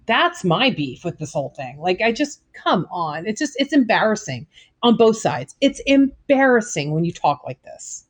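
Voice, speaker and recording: A woman's voice: a little high, a little fast. Exasperated woman co-host ranting casually. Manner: animated, exasperated storytelling with mimicked quotes. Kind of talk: casual political chat. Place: radio show studio.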